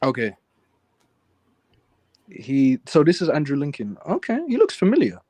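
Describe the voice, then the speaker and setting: A man's voice: a little high, huge pitch swings, warm tone, no echo. A man from England with an English accent, hosting a casual livestream chat and joking with his guest. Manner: joking, teasing, quick laughs. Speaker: livestream host.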